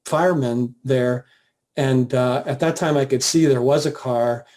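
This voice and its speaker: Man, warm darker tone, earnest personal testimony, plain-spoken, steady storytelling. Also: medium pitch. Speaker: guest sharing a personal story.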